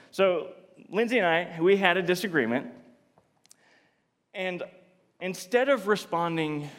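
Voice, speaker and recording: A man preaching a sermon in an earnest, confessional way, often restarting his sentences and moving between soft and emphatic delivery. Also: on the high side, long reverb tail.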